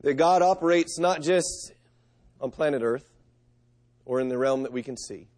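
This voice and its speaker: A man's voice: mid-range voice, moderate pace, darkish tone. A middle-aged man preaching a sermon, reading scripture and telling stories in an earnest, conversational way. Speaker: pastor.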